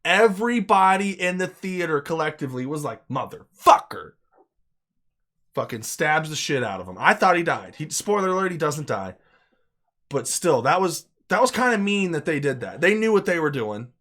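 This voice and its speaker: A man with a somewhat high voice reviewing films off the cuff. He is emphatic and excitable, swears freely and circles back to repeat his points. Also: moderate pace. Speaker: movie reviewer. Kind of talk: unscripted casual movie review.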